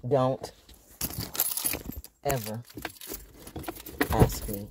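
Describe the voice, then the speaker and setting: A woman talking casually to her phone outdoors in the woods, chatty and opinionated, with a high sing-song voice for animals. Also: very slow, very noisy. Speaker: vlogger. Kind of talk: casual outdoor vlog monologue. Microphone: phone held in hand.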